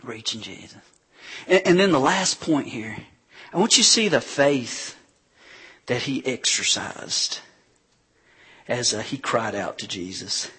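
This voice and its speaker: A man preaching a sermon as a pastor, retelling scripture stories with animated delivery and acted-out voices of crowds. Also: mid-range voice, a little slow, pauses often, slightly rough. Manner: animated storytelling preacher, acting out crowds with shouts.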